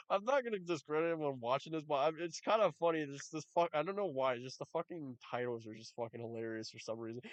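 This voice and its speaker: A man's voice: a little high, expressive, quick pace, no room sound. A man giving reaction commentary, talking in a profane, mocking and exasperated way. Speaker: YouTube commentator.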